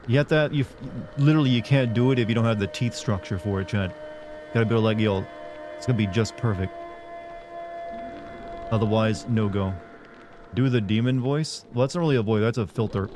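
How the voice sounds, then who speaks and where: Rambling streamer man, lowish voice. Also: brisk, long pauses, background noise. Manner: rambling, talks to chat with many fillers. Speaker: livestreamer. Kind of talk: casual live gameplay chat.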